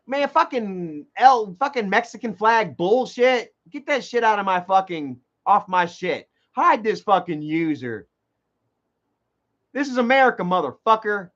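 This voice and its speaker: A man's voice: high-pitched, big pitch swings, unhurried, fairly bright tone. A man ranting heatedly in a profane, rambling monologue full of restarts, on a dull lo-fi recording. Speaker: vlogger.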